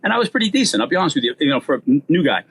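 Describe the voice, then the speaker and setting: Fast-talking Boston comedian man. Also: a little high, a little hiss or hum. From Boston area. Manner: fast-talking, animated storyteller. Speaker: guest comedian. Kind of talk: storytelling in casual interview.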